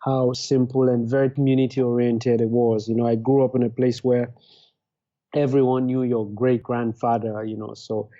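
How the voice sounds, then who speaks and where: A man's voice: mid-range voice, flat delivery, normal speed, dark tone, muffled recording. A man from Leone, a podcast guest telling his story thoughtfully and hesitantly, with many fillers, over a remote call. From Sierra Leone. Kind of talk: interview storytelling.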